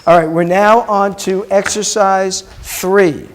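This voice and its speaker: High-voiced rabbi teaching slowly. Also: male voice, steady tone, slight background noise. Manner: patient, drills vocabulary and explains pronunciation step by step. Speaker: rabbi teaching a Hebrew class. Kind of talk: classroom teaching.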